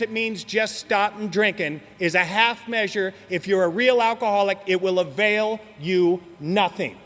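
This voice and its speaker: A man with a high-pitched, sharp voice tells his story at a recovery meeting in a meeting hall, joking and using slang as he speaks straight to the audience. The recording carries long hall reverb.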